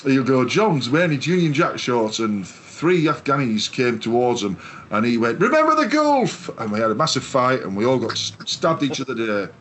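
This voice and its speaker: A man's voice: mid-range voice, moderate pace, fairly bright tone, slight background noise. A man from England co-hosting a podcast, telling long sweary stories in casual chat. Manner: sweary, rambling storyteller. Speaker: podcast co-host.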